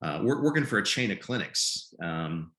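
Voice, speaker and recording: A man in his fifties from Nebraska, a podcast guest telling his story in a halting way and often repeating words. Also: on the low side, sing-song, pushed and bright. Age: 50s. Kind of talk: conversational storytelling. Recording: roomy echo.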